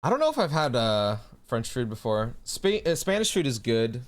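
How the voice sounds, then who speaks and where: A young man talks loosely on a livestream, answering his chat. He swears freely and laughs often, in an easygoing, middle-pitched voice. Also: big pitch swings, normal speed. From United States. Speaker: streamer. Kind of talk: casual livestream chat, reading chat aloud.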